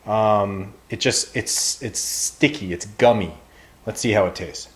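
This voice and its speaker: A man's voice: on the low side, unhurried. A man hosting a casual frozen food review to camera, wry and playfully exasperated, often calling his viewers "guys.".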